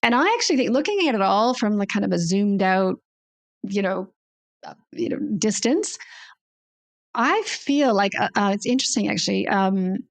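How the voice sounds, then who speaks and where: A woman's voice: medium pitch, animated, moderate pace. A woman guest, a naturopathic doctor, explaining at length in a conversational interview, often restarting and thinking aloud.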